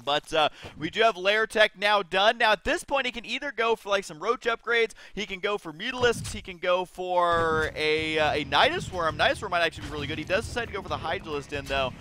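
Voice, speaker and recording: A man giving jokey, excitable game commentary that often jumps into high-pitched shouts. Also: brisk, hardly any pauses. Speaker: esports caster.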